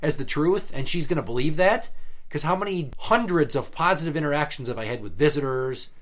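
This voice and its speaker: A man's voice: on the high side, lively intonation, brisk, fairly bright tone. A man in casual podcast chat, venting about an old job in a blunt, profane way, with heated emphasis. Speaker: podcast guest telling work stories.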